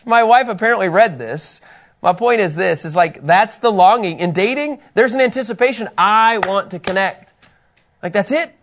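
A middle-aged man with a high voice leads a Bible class at normal speed, casual and animated. He shares personal stories and laughs at himself along the way.

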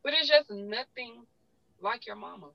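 A woman's voice: on the high side, lively intonation, moderate pace, vocal fry, lo-fi sound. A talkative woman with a Southern US accent, a guest sharing personal stories in a heartfelt way. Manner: talkative, heartfelt, self-described talker. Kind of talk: emotional personal storytelling.

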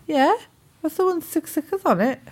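A woman's voice: high voice, expressive, normal speed, a little mellow. A young woman co-hosting a podcast in casual, blunt, teasing and sweary chat. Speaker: podcast co-host.

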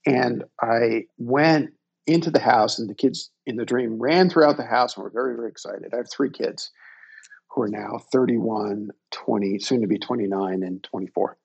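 A man in his fifties, appearing as a guest, tells a personal story in a reflective, unhurried, self-deprecating way. His mid-range voice is husky and darkish, with vocal fry. The recording sounds muffled.

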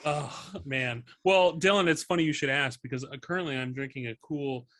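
A young man co-hosting a podcast, chatting casually with friends, joking and rambling with quick laughs. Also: mid-range voice, a bit bright, no echo, clean studio sound. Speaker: podcast co-host. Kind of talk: casual chat among friends.

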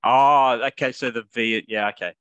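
A man with an Australian accent co-hosting a podcast in relaxed, playful casual chat. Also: medium pitch, normal speed, smooth, no room sound, lo-fi sound. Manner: relaxed, playful, likes cursing. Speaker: podcast co-host.

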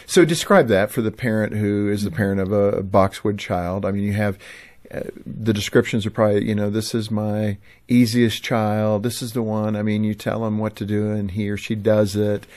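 Man, lowish voice, podcast host, curious, dry close sound. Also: fairly even intonation, a little fast, darkish tone, no room sound. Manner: inquisitive, reflective, asks follow-up questions. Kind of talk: casual interview chat.

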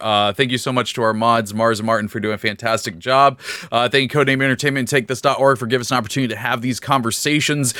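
A man hosting a livestreamed talk show, relaxed and halting, with lots of fillers. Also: mid-range voice, no echo. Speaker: show host. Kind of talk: casual livestream chat.

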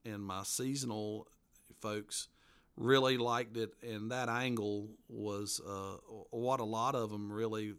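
A man's voice: lowish voice, steady tone, slow pace, fairly bright tone, smooth. A man, an author being interviewed, telling local history in a folksy, rambling way. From western North Carolina mountains. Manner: folksy, rambling, laughs at his own stories. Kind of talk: casual storytelling interview.

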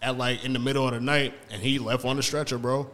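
Animated man telling casual street stories. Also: mid-range voice, fast, faint music behind. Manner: animated, slangy, acts out voices in his stories. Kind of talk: casual chat, storytelling.

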